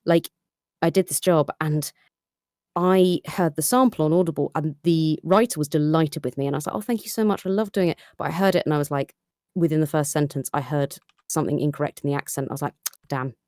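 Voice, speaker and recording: A British voice actress chats at speed from her home recording setup, critical of her own work. Her voice sits low for a woman and sounds dry and close-miked. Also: steady tone, a little mellow, no echo. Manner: fast-talking, self-critical. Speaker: voice actor. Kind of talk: casual chat. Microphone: home recording setup with headphones.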